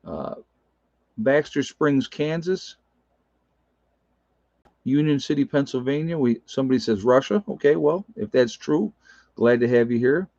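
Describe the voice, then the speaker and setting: Relaxed man chatting on a dull stream. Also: mid-range voice, unhurried, gravelly, pauses often, no echo. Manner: reads viewer comments aloud, chuckles often. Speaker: livestream host. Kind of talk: casual livestream chat.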